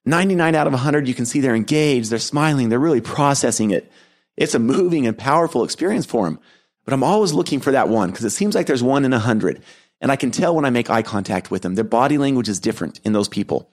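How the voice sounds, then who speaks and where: A middle-aged man hosting a podcast, telling a reflective story in an earnest, gentle way with soft laughs. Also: mid-range voice, expressive, fast. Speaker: podcast host and keynote speaker.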